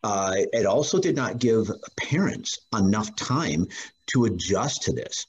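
A man talking in a casual class discussion as a student, hesitant, with many fillers and frequent throat-clearing. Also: on the low side, animated, a little slow, a little hiss or hum.

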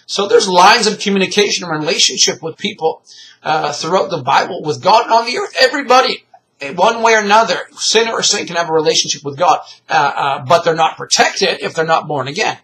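Middle-aged guy rambling about faith, kinda high voice, pushy sharp sound, lots of uhs. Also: fairly quick, a little hiss or hum, poor audio. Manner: animated, rambling, laughs often, frequent fillers. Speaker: religious commentator. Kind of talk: rambling religious commentary.

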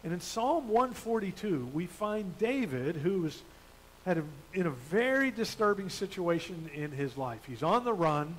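A man's voice: high-pitched, animated, measured pace, a little hiss or hum, poor audio. A man pastor reading scripture and preaching a sermon in a conversational way, with fillers and restarts. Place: church.

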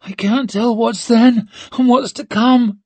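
A woman's voice: fairly high pitch, steady tone, slow, dark tone, slightly rough, no room sound, pitched above the performer's own voice. A man voicing a young woman seer, feverish and frightened, speaking in a strained, pleading way. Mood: dazed, frightened.

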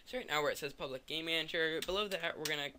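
On a screen-recorded coding tutorial, a tired young man rambles and thinks aloud, mocking himself as he types. He talks fast in a slightly high voice over a noisy background.

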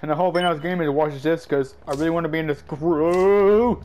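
A man giving casual gameplay commentary, excitable and yelping at every mishap, with a stuffy nose. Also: a little high, fairly quick. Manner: excitable, yelps and shouts at mishaps. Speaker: gaming YouTuber.

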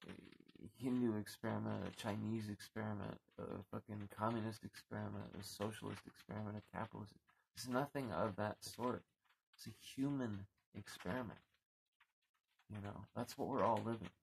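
A man's voice: on the low side, vocal fry, slight background noise, rough recording. A man venting in an angry, profane rant to his vlog viewers, often stumbling over and repeating his words as he gets worked up, recorded on his anchored boat. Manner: heated, swearing, repeating words when worked up. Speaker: vlogger.

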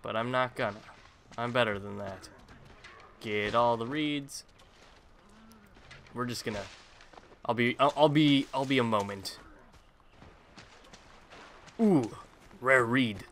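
A man's voice: medium pitch, measured pace, pauses often, fairly bright tone, slight background noise. A man casually commentating his own gameplay, rambling with jokey self-mocking asides. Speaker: gaming YouTuber. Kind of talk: casual let's-play commentary.

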